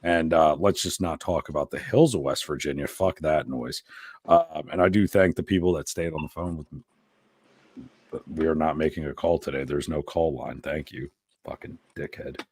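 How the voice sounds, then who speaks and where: A male host with a very low, deep voice runs a loose live-stream chat, telling rambling stories packed with swearing and crude jokes. The sound is dry and close, with no room echo. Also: moderate pace, darkish tone, breathy edge. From Pennsylvania. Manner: crude, profane joking banter. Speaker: podcast host.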